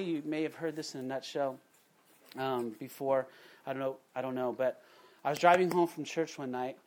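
A man preaching a sermon, telling a personal story and acting out the voices of the people in it. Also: fairly high pitch. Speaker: pastor.

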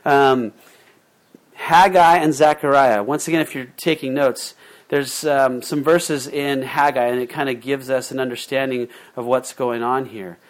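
Speaking at normal speed with a medium pitch that barely moves, a male pastor gives a conversational sermon. He reads passages of scripture and then paraphrases them casually, using fillers and restarting himself.

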